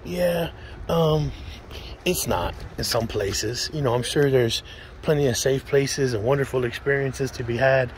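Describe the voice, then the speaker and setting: Man, blunt and profane, casual monologue, middling pitch, faint traffic noise behind. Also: unhurried. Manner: blunt and profane, with restarts and quoted asides. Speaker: vlogger telling his own story.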